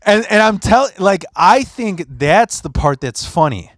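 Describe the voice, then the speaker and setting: A man in his late thirties hosting a casual podcast chat, swearing freely through his stories and shouting out the lines of the people he quotes. His voice sits a little high for a man. The sound is dry and close. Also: unhurried, no room sound. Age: 30s. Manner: profane, animated storytelling with loud quoted voices. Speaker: podcast host.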